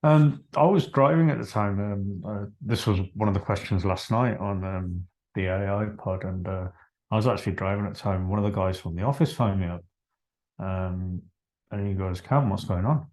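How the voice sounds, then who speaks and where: A man telling a story on a podcast over a video call, animated, acting out his own dialogue and trailing off. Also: low voice, normal speed. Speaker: podcast guest. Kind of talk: casual storytelling.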